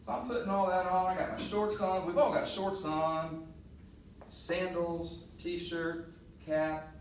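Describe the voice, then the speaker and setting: A middle-aged man coaching on presentation skills, telling a lively story to a class and acting out the voices. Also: sits high, takes it slowly. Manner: animated storyteller, laughs and acts out voices. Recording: roomy echo, mic at a distance, faint noise.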